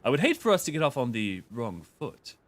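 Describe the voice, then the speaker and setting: A man's voice: medium pitch, huge pitch swings, a little fast. A man voicing a pompous, demanding little furry creature on a game stream, reading its lines in a haughty, mock-formal way. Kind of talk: reading game dialogue aloud in character.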